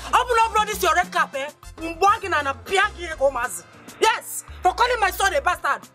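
A woman's voice: extremely high pitch, animated, fairly quick, faint music behind, heavily acted. Fierce Nigerian mother. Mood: furious. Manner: loud, scolding, mocking. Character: fierce, sharp-tongued village mother. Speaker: angry mother defending her son. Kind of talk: Nollywood film acting.

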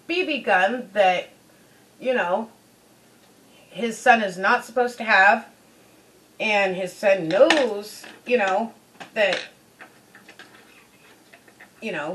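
A woman's voice: medium pitch, slow, long pauses, a bit bright, low-quality recording. A woman beauty vlogger telling a personal story in a chatty way, full of "you know"s. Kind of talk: casual storytelling.

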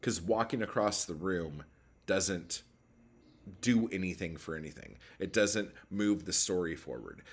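A man's voice: low voice, expressive, measured pace. A man talking casually about writing craft, blunt and profane, rambling with lots of filler words. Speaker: poet giving writing advice. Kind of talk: casual talking-head vlog.

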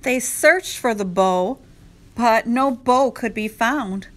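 A woman teacher reading a rhyming picture book aloud to children, slow and expressive. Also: on the high side. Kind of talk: children's read-aloud narration.

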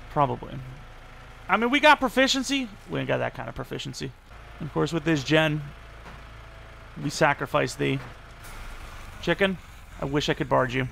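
A young man giving rambling, self-deprecating live commentary over a video game, with sudden excited outbursts. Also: a little high, vocal fry, slight background noise. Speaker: gaming YouTuber.

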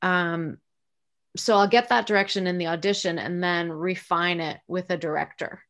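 Chatty middle-aged American woman, lowish voice. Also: fairly even intonation, moderate pace, a bit bright. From United States. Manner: chatty, reflective, many fillers and restarts. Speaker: voice actress, interview guest. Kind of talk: casual interview answers.

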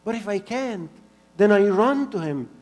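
A man preaching a sermon in an earnest way, repeating phrases for emphasis and swinging between soft and loud. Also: sits high, expressive, a little slow, long reverb tail. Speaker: pastor.

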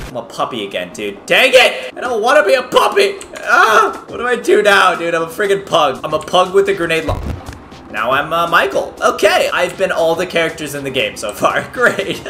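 A man giving excited gameplay commentary, yelping, shouting and making little sound effects as he plays. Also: sits high, slight background noise. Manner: hyper, yelps and shouts, makes "bop" sound effects. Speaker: gaming video creator. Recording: game music playing underneath. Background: game music.

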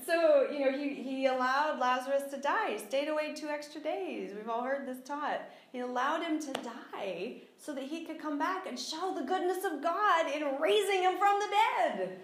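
A woman preaching a teaching sermon, lively and animated, acting out scripture dialogue with bursts of laughter. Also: high voice, normal speed, few pauses. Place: church sanctuary. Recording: echoey room.

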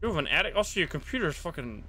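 Young man, streamer, bright voice, slightly high, wry asides, reads game text aloud. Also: very animated, a little hiss or hum. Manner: chatty and wry, reacts with quick asides and swearing. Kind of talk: live gameplay commentary, reading game text aloud.

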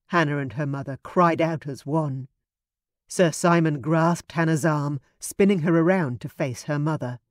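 A woman narrating a period romance audiobook in a measured, expressive studio reading. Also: sits low, dry recording.

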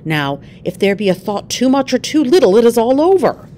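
A woman's voice: on the high side, sing-song, fairly quick, dark tone, slight background noise, pitched above the performer's own voice. A woman voicing an obsessive male scientist who speaks impetuously and urgently, in a storybook reading. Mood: anxious.

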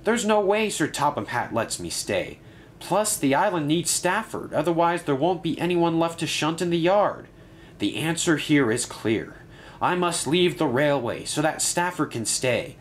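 Storybook hero: man voicing an earnest young engine, high, lively. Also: unhurried, slight background noise. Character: humble young male steam engine, self-blaming. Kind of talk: storybook narration.

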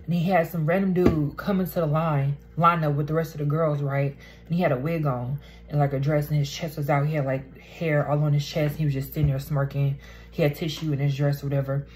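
A woman's voice: low voice, steady tone, brisk, darkish tone, poor audio. A young woman, talking bluntly and swearing freely in a casual vlog rant at home. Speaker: vlogger. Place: indoors at home, poor lighting.

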